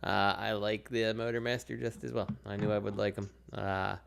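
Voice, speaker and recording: Gravelly, rambling podcast co-host man. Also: fairly low pitch, level tone, normal speed. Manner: rambling, full of fillers, laughs easily. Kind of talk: casual chat.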